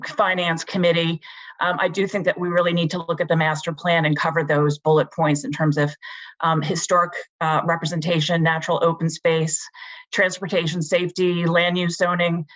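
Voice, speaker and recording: A woman giving a prepared public comment on a video call, talking quickly and eagerly, correcting herself as she goes. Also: lowish voice, level tone, fairly bright tone. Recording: dull lo-fi call audio.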